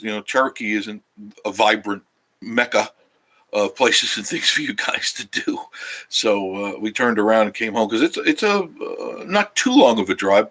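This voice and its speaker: A man's voice: lowish voice, sharp tone. A man hosting a casual travel vlog, chatting with his viewers and rambling and losing his train of thought because he is tired, sitting on a couch in a cabin. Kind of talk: casual live-stream chat with viewers.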